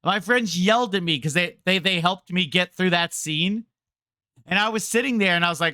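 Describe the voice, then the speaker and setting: High bright guy streamer ranting at chat, rambly and sarcastic. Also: brisk, clean tone, no echo, studio quality. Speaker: game streamer. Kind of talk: casual game rant to chat.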